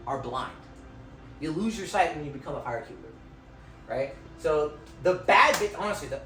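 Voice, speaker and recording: An excited young man gives a loose, swear-filled lecture, his pitch bouncing all over as he keeps checking in with "right?". He is caught on a phone from far back in an echoey room, with faint music underneath. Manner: excited, swears constantly, tags lines with "right?". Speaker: student presenter. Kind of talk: informal lecture. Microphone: phone from afar.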